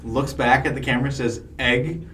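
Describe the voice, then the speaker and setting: A man's voice: medium pitch, steady tone, normal speed, fairly bright tone, slight background noise. A young man in casual chat, laid-back and profane, laughing through his stories. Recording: distant mic, group chatter.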